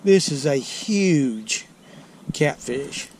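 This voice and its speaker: A man with a Southern US accent hosting a fishing vlog from a lake bank, folksy and excitable as he talks straight to viewers. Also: fairly high pitch, very slow. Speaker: fishing channel host. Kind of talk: outdoor fishing vlog commentary. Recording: outdoor noise behind voice.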